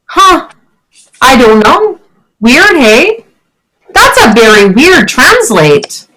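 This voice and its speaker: A woman's voice: very animated, very slow, sharp tone, poor audio. A woman teaching a child English in a chatty, encouraging one-on-one online lesson. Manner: encouraging, chatty, questions with rising pitch.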